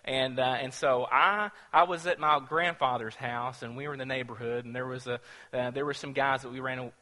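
Male pastor, sermon delivery, storytelling with bursts of excitement, bright tone, long hall reverb. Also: mid-range voice, moderate pace. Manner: storytelling, grows loud and animated when excited.

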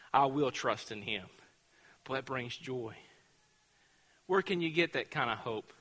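A man's voice: medium pitch, expressive, measured pace, long pauses, sharp tone, in a large hall. A man preaching a sermon, telling a school story with acted-out voices before building to fervent preaching. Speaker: pastor.

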